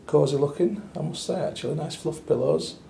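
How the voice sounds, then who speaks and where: This man's voice sits on the high side, warm with some vocal fry, and he talks fairly quickly. He's touring a small hotel room for a travel review, chatty and wry with dry asides. The recording has an echoey small-room sound and faint noise.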